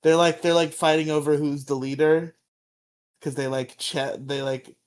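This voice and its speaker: A young man co-hosts a podcast, casually recapping a show while swearing freely and slipping in quick character impressions. His voice sits on the higher side and keeps a steady tone.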